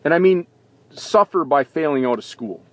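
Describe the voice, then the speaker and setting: A man's voice: on the high side, animated, normal speed, no room sound. A man hosting a sports talk show, giving an impassioned opinion monologue full of indignant rhetorical questions, recorded in a vehicle.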